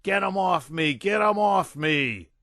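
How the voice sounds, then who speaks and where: A man's voice: medium pitch, slow pace, a bit bright, no echo, clean studio sound. A man voicing a blustering, raving army general who bellows and rants. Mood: frantic. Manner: bellowing, ranting, unhinged.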